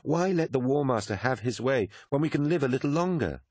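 A man reading an audiobook, voicing a woman remembrancer who is anxious and stubborn, with an urgent, protesting manner and a husky edge. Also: mid-range voice, animated, brisk, darkish tone, no echo, clean studio sound, pitched above the performer's own voice, natural voice. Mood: alarmed, insistent.

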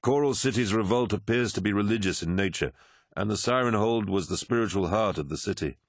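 A man voicing a towering male warlord commander in an audiobook, speaking in a cold, measured, commanding way. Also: on the low side, dry recording, studio quality, voice pushed up. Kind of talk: audiobook character voice.

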